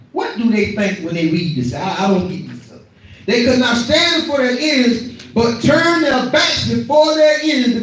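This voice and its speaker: A middle-aged male preacher with a very high voice, delivering a fervent sermon with shouted, repeated lines. He sounds distant from the mic, and his voice rings through a very echoey worship hall.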